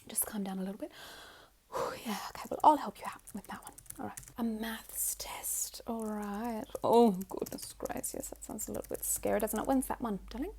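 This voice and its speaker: A woman's voice: fairly high pitch, moderate pace, gravelly, dark tone, slightly rough. A woman voicing a doting, wealthy Australian mother in a whispered role-play, fussy and gushing, calling the listener darling. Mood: soft doting.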